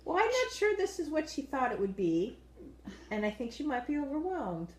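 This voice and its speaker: A woman co-hosting a casual dance-show review, measured and agreeable, steering the talk. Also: high voice, sing-song, reverberant, low-quality recording.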